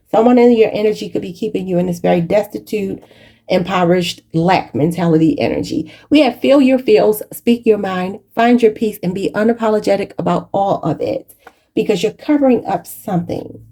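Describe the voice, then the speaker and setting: A woman's voice: medium pitch, mellow, slightly rough. A woman giving a channeled tarot reading, emotional and preachy, choked up and near tears, calling her viewers y'all. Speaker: tarot reader.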